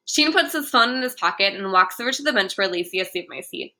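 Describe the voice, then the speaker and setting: A woman reading a young-adult novel aloud in first person, in a clear, even storytelling manner. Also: mid-range voice, fairly quick. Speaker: audiobook narrator. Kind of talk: first-person audiobook narration.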